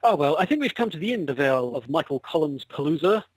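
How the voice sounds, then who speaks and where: A man's voice: fairly high pitch, big pitch swings, fast talker, no echo, rough recording. A man co-hosting a podcast over a video call, wry and rambling, often restarting his sentences. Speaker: podcast co-host. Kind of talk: casual chat over a call.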